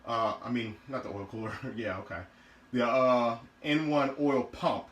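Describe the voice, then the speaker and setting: A man's voice: mid-range voice, steady tone, unhurried, reverberant, low-quality recording. A man casually showing car parts in his garage, talking loosely with many fillers and restarts. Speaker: car build vlogger.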